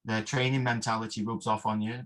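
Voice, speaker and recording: Low-voiced man telling stories. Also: level tone, brisk, a bit bright. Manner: rambling anecdotes with many fillers and mild oaths. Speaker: martial arts instructor, guest. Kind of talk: interview storytelling.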